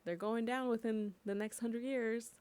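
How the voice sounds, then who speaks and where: A young woman from California giving impassioned personal commentary on camera, emotional and swearing freely, slowing down to stress her points. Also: fairly high pitch, steady tone, a little mellow, clean tone, no room sound. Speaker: vlogger.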